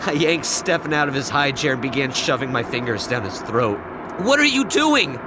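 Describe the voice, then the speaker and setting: A man narrating a scripted horror story, swinging between hushed dread and shouted outbursts. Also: medium pitch, fairly quick, background noise. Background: music.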